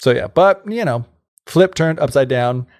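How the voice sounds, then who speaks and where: A man co-hosting a podcast retells a fairy tale in casual storytelling chat, rambling with lots of "like" and side remarks. His medium-pitched voice has a darkish tone and lively intonation at a moderate pace.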